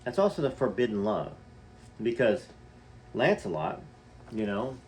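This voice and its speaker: A man's voice: fairly low pitch, sing-song, unhurried, slight background noise. A man reading a book aloud and stopping to comment, talking straight to his listeners and asking them questions. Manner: conversational, poses questions to listeners.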